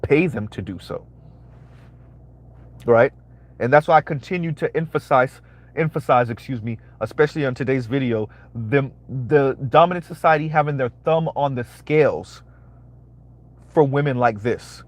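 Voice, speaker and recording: A man's voice: mid-range voice, moderate pace. A man hosting a live-streamed commentary, talking emphatically, repeating his phrases and asking "right?" again and again. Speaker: commentary channel host.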